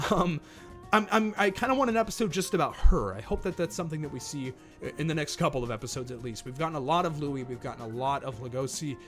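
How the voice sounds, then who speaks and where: A man's voice: fairly high pitch, a bit bright. A man giving casual, enthusiastic commentary as an anime reviewer, thinking aloud as he goes.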